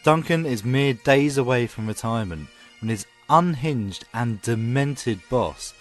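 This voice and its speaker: A man's voice: medium pitch, a little slow, soft background music. A man co-hosting a film podcast, chatting enthusiastically and reading scripted reviews. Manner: enthusiastic, animated. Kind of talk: casual chat and scripted review narration.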